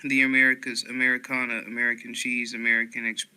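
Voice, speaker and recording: A man reading a long list of dictionary words aloud one by one, steady and unhurried, with small slips and corrections. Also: medium pitch, smooth, rough recording.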